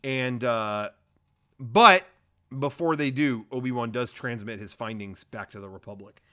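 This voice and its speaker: A man co-hosting a comedy podcast, retelling a movie plot in a casual, rambling, profane way, at a middle pitch. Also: measured pace, bright, forceful tone. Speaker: podcast co-host.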